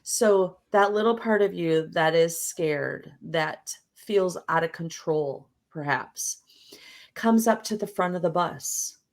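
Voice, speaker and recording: A woman's voice: lowish voice, takes it slowly. A woman guest in a casual interview, talking reflectively through an analogy and often checking in with "right?". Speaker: podcast guest.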